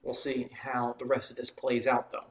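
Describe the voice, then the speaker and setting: Calling football plays live for a watchalong, this male host fills the gaps with rambling, filler-heavy chatter and jokes at his own expense. He speaks at a moderate pace in a monotone, medium-pitched voice. The sound is roomy and the recording rough.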